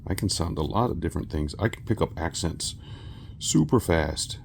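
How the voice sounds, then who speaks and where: A man from South Texas chatting casually while he works, a rambling storyteller who often clears his throat. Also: sits low, animated, moderate pace, a little hiss or hum. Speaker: resin crafting vlogger.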